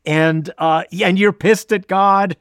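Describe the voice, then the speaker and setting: A man hosting an interview, calmly recapping the guest's story as he asks about it. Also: high-pitched, takes it slowly, smooth, dry recording, clean studio sound. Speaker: host. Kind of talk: interview questions.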